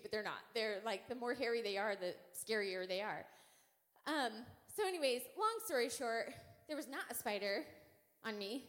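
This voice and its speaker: A woman in her thirties preaches in a relaxed, chatty way, leaning on "right?" and "like" as she goes. Her slightly high voice rings out with a long reverb from the church hall around her. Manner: casual and animated, frequent "right?" and "like"; playful storytelling with comic exaggeration. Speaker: church speaker. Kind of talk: sermon. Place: church sanctuary.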